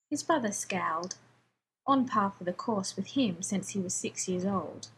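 Woman, story narration, measured and even, mid-pitched voice, faint background noise. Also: low-quality recording. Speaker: reader.

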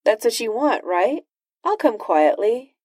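A woman voicing a cocky, cheerful male hero in a storybook reading, teasing and relaxed. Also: a little high, unhurried, dry recording, studio quality, pitched above the performer's own voice. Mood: breezy.

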